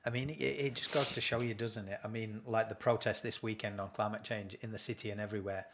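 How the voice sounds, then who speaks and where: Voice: mid-range voice, steady tone, quick pace, a bit bright. An interview host who mostly gives short, encouraging responses and occasionally adds a comment of their own. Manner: brief encouraging backchannels. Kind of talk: casual interview chat.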